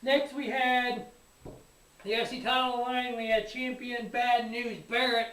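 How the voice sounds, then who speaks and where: A man hosting a sports show, recapping a wrestling event in an excitable, rambling, profane way. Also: extremely high pitch, unhurried. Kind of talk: casual wrestling review. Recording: echoey room, voice a bit far from mic.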